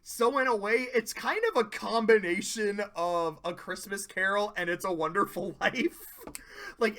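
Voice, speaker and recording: A man talking casually as he reviews cartoon episodes, excited, swearing a lot and breaking into laughter. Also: high voice. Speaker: video reviewer. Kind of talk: casual commentary.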